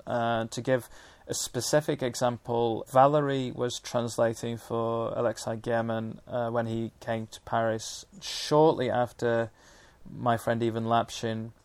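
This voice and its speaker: Gravelly man, flat and measured. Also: medium pitch, no echo. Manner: measured, detailed, with many restarts and fillers. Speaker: film historian. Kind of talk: conversational discussion.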